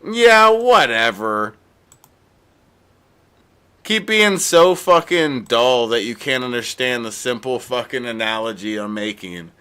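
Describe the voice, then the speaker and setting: A man's voice: mid-range voice, animated, slow pace, bright, forceful tone, smooth. A young man streaming live, ranting at a chatter in a sarcastic, heated way. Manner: sarcastic, heated, mock-pleading. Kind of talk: live-stream rant to chat.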